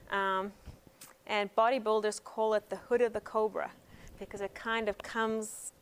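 A woman teaching hands-on pain management in a gentle, conversational way, telling stories from her practice. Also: medium pitch, little pitch movement, unhurried, slight background noise. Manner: gentle, conversational, frequent um fillers. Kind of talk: instructional talk with personal stories.

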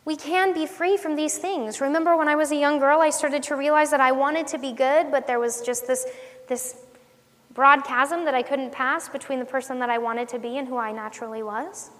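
In a steady, moderately paced voice that sits high and a little bright, a woman ministry teacher gives an earnest devotional sermon. She talks conversationally and quizzes her audience as she goes, with long hall reverb on the sound.

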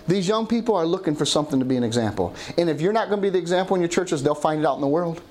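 A man's voice: on the high side, animated, rapid-fire, a little mellow, slight background noise. A middle-aged man preaching a sermon as pastor, often calling out "Amen?" to the congregation. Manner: call-and-response preaching, asking "Amen?".

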